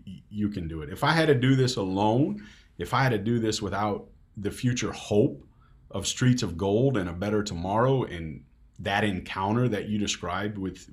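A middle-aged man hosting a faith podcast, speaking earnestly in a casual conversational way. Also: lowish voice. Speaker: podcast host.

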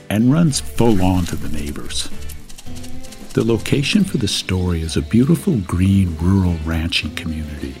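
Deep-voiced man narrating a lecture. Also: a little mellow. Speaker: business school lecturer.

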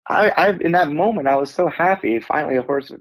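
A middle-aged man, an Air Force veteran, telling a personal story as a guest in a casual interview, animated and acting out his own lines. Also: a little high, fairly quick, dry recording, rough recording. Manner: animated, acts out his own lines, laughs through emotion.

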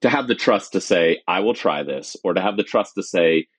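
Deep-voiced earnest male veteran. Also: expressive, moderate pace, husky, no echo. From United States. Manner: earnest, candid, acts out quoted dialogue. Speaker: veteran guest. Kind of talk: personal storytelling.

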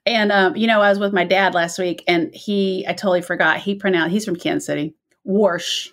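A woman from the American Midwest with a Midwestern accent, co-hosting a casual chat, chatty and quick to laugh. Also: on the low side, steady tone. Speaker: podcast co-host.

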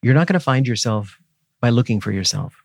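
A man in his seventies, a guest scholar being interviewed, speaks at a medium pitch with a brisk, animated, gravelly voice. His manner is earnest, teacherly and emphatic in this reflective interview conversation, and the dry recording has studio quality.

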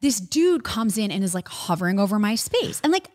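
A young adult woman spinning a bar story in loose, casual chat. She talks with lots of animation, swears freely and jumps into little voices for the people she describes. Her pitch sits in an ordinary middle range. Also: sing-song, a little fast, darkish tone.

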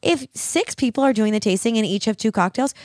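A woman in her thirties co-hosting a podcast, telling stories in an animated, casual way and swearing a lot. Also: on the high side, a little fast, dry recording, clean studio sound. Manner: animated storytelling, heavy swearing. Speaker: podcast co-host. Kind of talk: casual chat.

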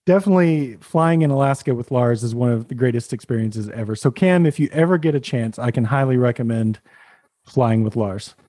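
A man, a podcast host, telling a lively anecdote in casual chat. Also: mid-range voice, a little fast. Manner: animated anecdote telling with laughs.

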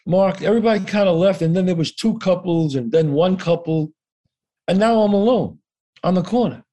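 A man's voice: sits high, lively intonation, normal speed, dark tone. A man telling a story as an interview guest, acting out the dialogue and swearing casually.

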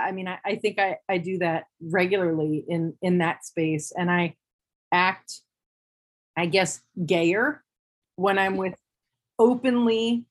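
A woman talking in a relaxed discussion, thoughtful and wry, often restarting her sentences. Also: medium pitch. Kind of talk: casual discussion.

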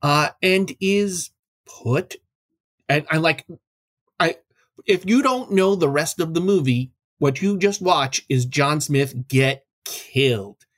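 A man talks films on his podcast with a joking, easygoing manner. His voice sits a little high. The sound is close and dry, with no room around it. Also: lively intonation, takes it slowly, dry recording. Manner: jokey, playful asides. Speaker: podcast co-host. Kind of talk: casual film discussion chat.

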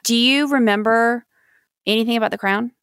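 An American woman co-hosting a podcast, chatting casually, quick to laugh and joke at herself. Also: a little high, fairly bright tone, clean tone, no echo, studio quality. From United States. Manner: chatty, self-deprecating, laughs often. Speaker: podcast co-host. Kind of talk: casual chat.

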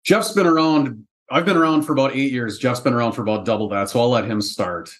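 A man guest, a product manager, explaining his job in a relaxed, joking interview manner. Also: medium pitch, fast. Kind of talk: casual interview talk.

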